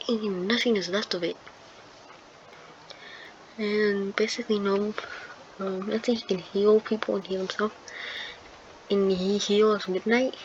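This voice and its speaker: Woman storyteller, slow, rambling, filler-heavy improvised retelling; dull lo-fi take with loud noise behind. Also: medium pitch. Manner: rambling, full of ums and likes, restarts. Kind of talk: improvised fan-fiction retelling.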